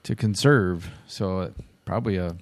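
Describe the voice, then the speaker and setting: A man's voice: deep voice, moderate pace. A man in a casual podcast chat, thinking aloud and checking in with "right?".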